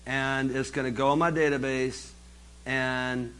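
A man giving a live business seminar, lively and jokey, speaking straight to the audience. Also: mid-range voice, unhurried, smooth.

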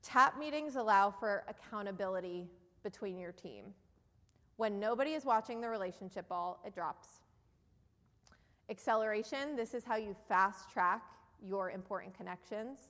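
A woman with a New Jersey accent speaks to an audience from a stage in an event hall, and her voice trails off into a long reverb. Her pitch sits in an ordinary middle range for a woman. She makes her case in an earnest, persuasive way and keeps putting questions to the room. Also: moderate pace, a bit bright. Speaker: keynote speaker. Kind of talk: motivational business presentation.

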